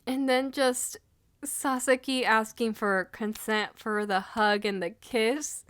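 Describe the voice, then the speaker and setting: A woman's voice: fairly high pitch, steady tone, slow, fairly bright tone, no room sound. A woman reviewing an anime episode in a casual, gushing and emotional way, with lots of fillers.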